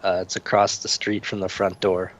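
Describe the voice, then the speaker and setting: A man's voice: low-pitched, monotone, normal speed, dull audio. A man playing a tabletop game, joking and a little hesitant in his replies. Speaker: player. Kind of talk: casual tabletop play.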